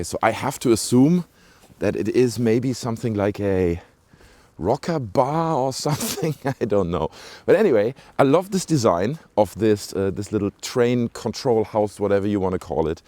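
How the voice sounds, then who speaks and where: Walking through a rural village with a handheld camera, a vlogger with a British-sounding accent chats away to his audience, wandering off on asides and using lots of fillers. He speaks at normal speed, his voice on the low side and dark-toned with lively intonation. There's no room sound.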